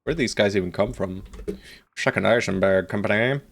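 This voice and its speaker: This man speaks on the low side and fairly quickly, with vocal fry and a fairly bright tone. He's live-streaming a strategy game, joking with viewers and ordering his units around with casual swearing.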